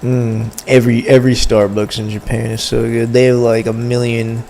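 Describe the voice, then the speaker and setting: A man's voice: mid-range voice, flat delivery, normal speed, vocal fry, mellow, a little hiss or hum. A young man livestreaming, chatting casually and rambling in slang to his viewers. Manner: rambling, slangy, talks to chat. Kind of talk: casual stream chat.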